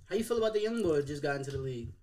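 A man's voice: a little high, lively intonation, rapid-fire, a little mellow. A man in casual sports chat, laid-back and slangy, drawing out his phrases as he explains a point.

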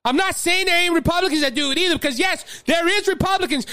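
A man's voice: very high-pitched, fast, hardly any pauses, sharp tone, no room sound. A man with a Louisiana accent hosting a political commentary show, impassioned and fiery, often repeating words as he builds steam. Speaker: podcast host.

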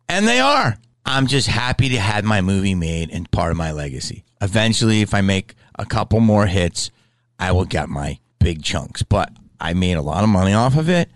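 A man's voice: on the low side, big pitch swings, normal speed, no room sound, low-quality recording. Rambling, profane middle-aged man. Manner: rambling, profane, many restarts. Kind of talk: casual chat.

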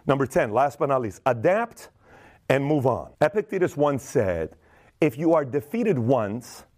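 A man's voice: medium pitch, a little mellow. A man hosting a podcast, giving a casual, emphatic motivational talk in plain words, often acting out other people's voices. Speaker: podcast host.

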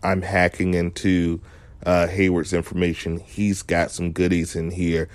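A man's voice: low-pitched, monotone, unhurried, dry recording. A man giving a casual recap of a show episode, analytical and emphatic, often restarting his sentences.

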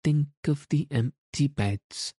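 A man voicing a motherly young girl telling a bedtime story, in a lifted, soft, coaxing voice, in an audiobook. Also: on the high side, slow pace, no room sound, studio quality, pitched above the performer's own voice. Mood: hushing.

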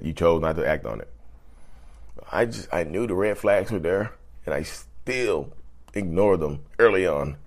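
A man talks straight to camera in a low voice, blunt and emphatic. He hammers his points home with repetition and casual slang. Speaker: vlogger. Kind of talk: casual advice talk to camera.

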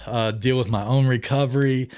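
A man's voice: mid-range voice, steady tone, moderate pace, a little mellow. Chatty man telling a story in a studio. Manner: rambling, chatty, laughs often mid-story. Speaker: podcast guest in recovery. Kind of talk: casual personal storytelling.

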